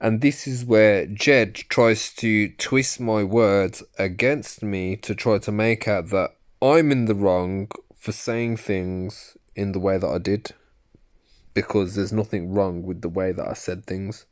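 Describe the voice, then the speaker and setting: A man's voice: fairly low pitch, takes it slowly. A man giving angry, profane commentary over a recorded argument. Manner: profane, ranting, insulting. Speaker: video commentator.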